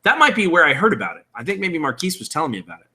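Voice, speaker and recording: Bright, casual male host in his thirties; explains rules to a live chat. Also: a little high, wildly swooping pitch, rapid-fire. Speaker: tabletop game host. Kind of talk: live-streamed tutorial chat.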